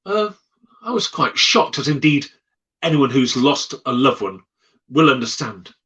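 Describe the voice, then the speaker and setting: A man telling ghost stories as a guest, dramatic and animated, acting out the voices. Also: mid-range voice, unhurried, lo-fi sound. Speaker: storyteller guest. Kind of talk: spoken ghost storytelling.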